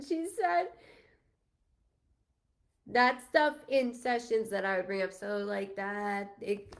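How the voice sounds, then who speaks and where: Slow, gravelly-voiced woman medium chatting. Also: medium pitch. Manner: chatty, frequent ums, thanks viewers by name, swears casually. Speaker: medium doing live readings. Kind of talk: casual livestream chat with viewers.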